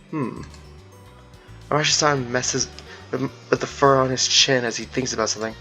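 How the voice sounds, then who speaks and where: A man's voice: medium pitch, normal speed, long pauses, bright, forceful tone, soft background music. Playful man reading a game aloud. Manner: playful, laughs at himself. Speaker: visual novel reader.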